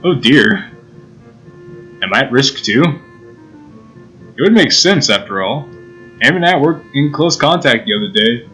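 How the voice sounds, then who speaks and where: A man's voice: mid-range voice, lively intonation, a little slow, pauses often, bright, forceful tone, faint music behind, low-quality recording. A man hosting a gaming channel, reading a visual novel aloud in a playful way and joking about the story. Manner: playful, laughs at his own jokes.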